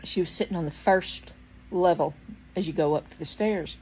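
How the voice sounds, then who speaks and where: A woman's voice: lowish voice, moderate pace, husky, rough recording. A woman casually telling a personal story, rambling with restarts and fillers and now and then coughing from a tickle in her throat. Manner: quotes people in changed voices, dropping to a hush for soft lines. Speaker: storyteller vlogger.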